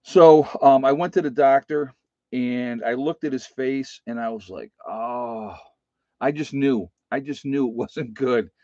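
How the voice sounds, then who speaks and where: A man's voice: medium pitch, measured pace, mellow, no room sound. A man, hosting his homestead channel, telling a personal story in a rambling way, repeating phrases and talking straight to his viewers. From United States. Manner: rambling, repeats phrases, addresses folks directly. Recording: dry, slightly dull home recording.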